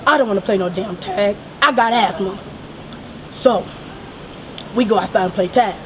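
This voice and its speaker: A woman's voice: mid-range voice, moderate pace, crowd noise, lightly acted, low-quality recording. A young woman playing a foul-mouthed, cold young killer who tells her story as a comic confession monologue. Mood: irritated. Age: young adult. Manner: profane, irritated storytelling. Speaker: student actor in a parody sketch.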